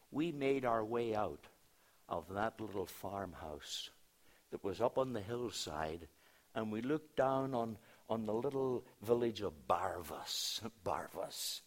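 A man preaching a sermon as a pastor, telling a story in a storytelling way, hushing his voice and then rising for emphasis. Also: lowish voice, expressive, takes it slowly.

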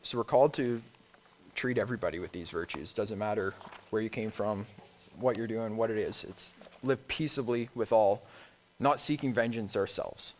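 A man, a lay speaker and youth leader, gives a conversational sermon. He reads scripture slowly, then talks informally with frequent restarts and ums. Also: fairly low pitch, slight background noise.

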